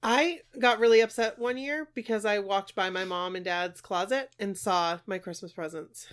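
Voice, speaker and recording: A woman in her thirties co-hosts a podcast in a mid-pitched voice. She chats playfully and drifts into tangents. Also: normal speed, clean tone. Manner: chatty and playful, trails off into tangents. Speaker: podcast co-host. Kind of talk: casual chat.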